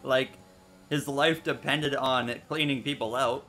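A young man commentating his own online racing game, excitable, yelping and groaning as the race goes wrong. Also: mid-range voice, measured pace, faint music behind. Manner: excitable, yelps and groans at crashes. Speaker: gaming YouTuber.

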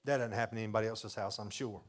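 A pastor preaching a folksy, confessional sermon that builds to loud, repeated emphasis. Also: male voice, fairly low pitch, fairly even intonation, rapid-fire.

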